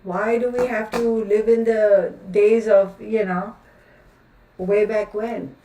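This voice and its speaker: A woman's voice: medium pitch, steady tone, slow pace, dark tone. A woman who reads tarot, chatting casually on a livestream, and she rants outspokenly and in exasperation, with many fillers. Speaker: tarot reader hosting a livestream. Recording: roomy sound from a distant mic.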